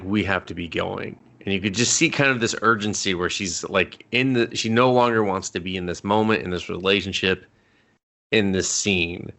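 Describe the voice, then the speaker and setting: A man's voice: low voice, sharp tone. A man co-hosting a movie review podcast, casually recapping scenes, swearing and acting out characters' lines. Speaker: podcast co-host.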